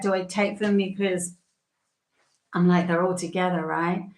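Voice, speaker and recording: A woman's voice: medium pitch, fairly bright tone, roomy sound. Chatty emotional woman reading tarot live. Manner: chatty and emotional, laughs often, many fillers. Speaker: tarot reader and channeler.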